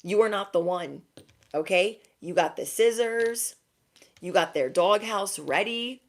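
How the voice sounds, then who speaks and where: A woman's voice: mid-range voice, a little slow. A young woman giving a direct-to-camera spiritual pep talk as an intuitive reader, emphatic and slangy, often checking in with "okay?".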